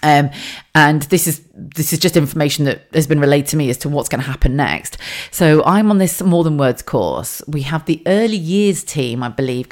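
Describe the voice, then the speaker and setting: A woman, hosting a podcast as a chatty, animated monologue with frequent laughs and restarts. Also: extremely low pitch. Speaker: podcast host.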